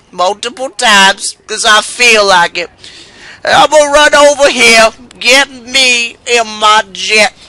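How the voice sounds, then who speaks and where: A man's voice: sits high, pushed and bright, heavily acted, low-quality recording. A man putting on the voice of a giddy older male comedian who coughs, rambles, curses and scat-sings nonsense while commenting on gameplay. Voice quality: gravelly, with coughing fits. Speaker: gamer doing a voice.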